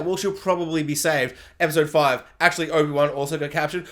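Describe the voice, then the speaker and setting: A man's voice: fairly high pitch, fast talker, few pauses, a bit bright. A man ranting sarcastically in a casual, rambling review. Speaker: video reviewer.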